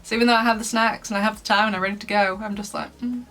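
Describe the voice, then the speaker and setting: A woman's voice: mid-range voice, little pitch movement, racing, a bit bright, slight background noise. A woman from Lancashire giving a casual review commentary in a chatty way, laughing often between points. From Lancashire, England. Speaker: book reviewer.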